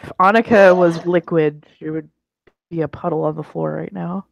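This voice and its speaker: A tabletop game player gently narrating their characters' affectionate actions. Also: mid-range voice, fairly even intonation, normal speed, creaky, no room sound, rough recording. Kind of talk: casual role-play narration.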